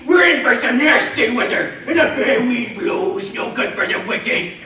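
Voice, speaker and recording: A man playing an addled old man who talks and shouts like a pirate in an amateur stage play, heard from far off in an echoey hall. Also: very high-pitched, animated, measured pace, a faint crowd, slight background noise, exaggerated voice. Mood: bellowing.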